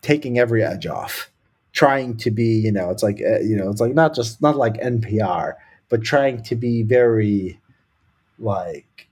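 Man from the US, lowish husky voice, opinionated, casual chat, many fillers. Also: expressive, a little slow, darkish tone. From United States. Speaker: podcast co-host. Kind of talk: casual conversation.

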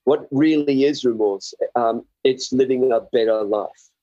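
A man's voice: mid-range voice, measured pace, dark tone, no echo. An older man with an Australian accent, an author guest giving earnest, rambling, self-searching interview answers over slightly muffled remote audio.

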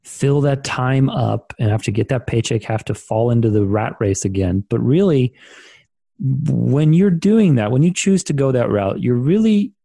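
A man's voice: medium pitch, animated, moderate pace, gravelly, mellow, dry recording. A man hosting a podcast interview, talking in a rambling, reflective way with casual swearing. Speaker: podcast host.

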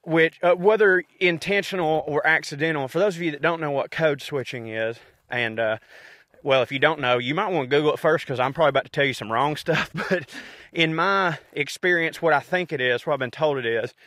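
A man's voice: on the high side, brisk, fairly bright tone, no echo, clean studio sound. A man with a Southern US accent, a comedian and podcast host, ranting alone in a casual, rambling, profane and self-mocking way. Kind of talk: casual solo rant.

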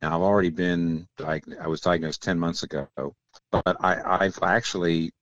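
A man speaking as a theologian guest in an interview, explaining ideas in a measured, teacherly way and often dropping into quiet asides. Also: low-pitched, little pitch movement, dry recording, muffled recording.

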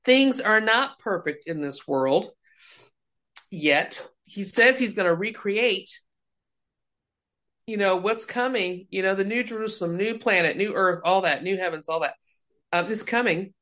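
A woman minister with a mid-range voice speaks at a measured pace as a guest in a faith interview. She tells her stories animatedly, acting out each voice she quotes.

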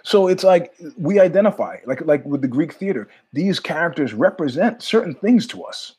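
A middle-aged man from New York hosting his own show, telling stories in a rambling, animated monologue full of asides. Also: a little high, normal speed, husky. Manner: rambling, animated, jumps between tangents with asides. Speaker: podcast host. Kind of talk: casual monologue storytelling.

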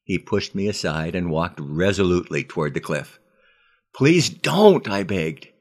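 A man with a deep, low voice hosts a devotional podcast. He tells a story and reads scripture in an earnest, measured way. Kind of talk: storytelling and Bible reading.

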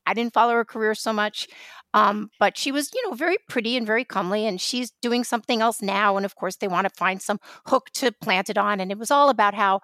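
A woman's voice: medium pitch, brisk, dry recording, studio quality. New York woman telling a story. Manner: storytelling, animated, many restarts. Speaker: podcast co-host. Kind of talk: casual podcast conversation.

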